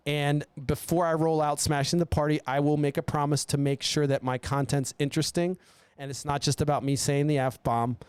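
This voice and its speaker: A man's voice: on the high side, flat delivery, moderate pace, clear, resonant tone, dry recording. A man hosting his own show, ranting alone in a blunt, rambling way and swearing a lot. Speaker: podcast host. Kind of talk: profane solo rant. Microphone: studio mic.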